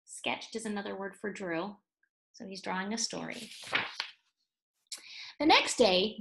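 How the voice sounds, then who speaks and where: A woman reading a children's picture book aloud, pausing to explain words and add playful asides. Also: mid-range voice, fairly bright tone. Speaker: read-aloud storyteller for children.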